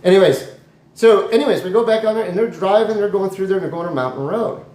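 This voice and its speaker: Rambling comic storyteller, echoey room. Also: male voice, high voice, quick pace. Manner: rambling, animated, with jokey asides. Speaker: comedy storyteller. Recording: echoey room, faint noise.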